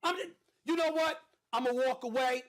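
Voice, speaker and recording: A man ranting as a sports commentator, breaking into angry shouted outbursts. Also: very high voice, moderate pace. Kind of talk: heated sports rant.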